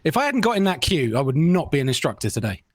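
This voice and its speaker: A man spins a self-deprecating story on a podcast, his voice sitting somewhat high. He acts out the lines of people in his tale with animated energy. The sound is dry and close to the mic. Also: fast talker, slightly rough, no room sound. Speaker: podcast co-host. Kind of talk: casual storytelling chat.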